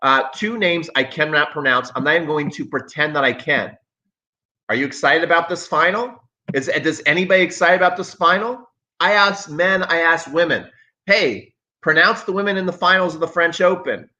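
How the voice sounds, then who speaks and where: A man's voice: fairly high pitch, normal speed, pushed and bright, low-quality recording. A man hosting a live tennis stream, talking in a sarcastic, emphatic way and repeating himself for effect. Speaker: tennis coach and channel host.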